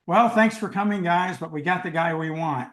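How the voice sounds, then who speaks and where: A man's voice: fairly high pitch, moderate pace, fairly bright tone, echoey room, lightly acted. A man voicing a dismissive orchestra leader in a curt tone.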